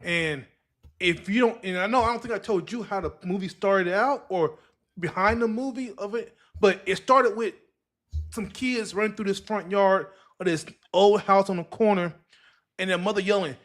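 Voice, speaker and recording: Higher-voiced man hosting a casual podcast. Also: normal speed, a bit bright. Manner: loose, rambling, with many restarts and fillers. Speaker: podcast host.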